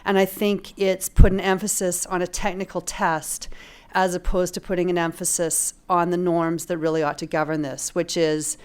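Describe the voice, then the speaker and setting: A middle-aged woman speaking on a legal ethics panel as a law professor, measured and analytical with touches of dry humor. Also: on the low side, little pitch movement, clean tone. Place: lecture room at a panel event.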